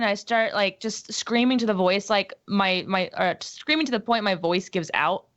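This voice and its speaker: A woman's voice: mid-range voice, moderate pace, fairly bright tone, smooth. A woman playing a tabletop game, earnestly describing her character's actions in first person. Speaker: player. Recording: dull lo-fi audio.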